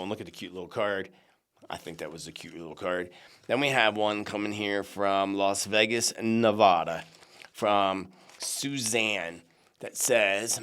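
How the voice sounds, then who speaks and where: A man hosting his own psychic talk show, chatting casually and joking as he reads out viewers' holiday cards. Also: on the low side. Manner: lively, animated, jokey, grateful.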